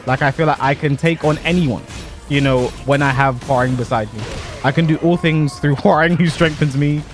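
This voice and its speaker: A young man chatting casually about a fighting game while he plays, animated and given to exaggeration, laughing at himself now and then. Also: on the high side, moderate pace, soft background music. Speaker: pro fighting game player and content creator. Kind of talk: casual commentary over gameplay.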